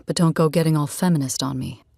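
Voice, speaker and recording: A woman's voice: deep voice, fast, dark tone, husky, no echo, clean studio sound, pitched below the performer's own voice. A woman voicing a tall, rugged man who jokes easily, in an audiobook reading. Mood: teasing.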